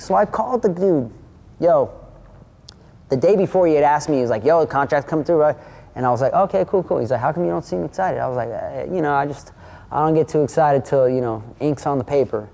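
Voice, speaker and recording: A man in his thirties telling a story as an interview guest, swearing freely and acting out the other people's lines. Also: medium pitch. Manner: animated, acts out quoted dialogue, swears freely. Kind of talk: casual storytelling.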